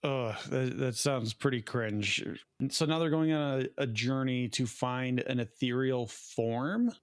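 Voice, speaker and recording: A man's voice: medium pitch, a little slow, clean tone, dry recording, studio quality. A man co-hosting a podcast, reacting to a movie recap with short, wry quips. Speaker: podcast co-host. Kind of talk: casual movie review chat.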